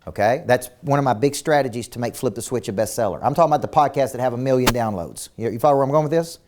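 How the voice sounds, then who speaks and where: A business coach races through a virtual seminar in a mid-range voice, with background noise audible. His delivery is intense and emphatic, full of rhetorical questions aimed at the audience and repeated words at the opening of every point.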